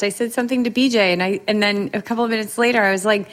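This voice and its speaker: A woman hosting a podcast, chatting casually in a lively, self-deprecating way with quick bursts of speech. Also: mid-range voice. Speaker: podcast host.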